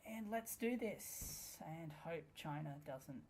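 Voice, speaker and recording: A woman's voice: low voice, animated, slow pace, a little mellow, slight background noise. A woman giving let's play commentary on a strategy game, sarcastic and playful, with frequent swearing. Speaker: gamer.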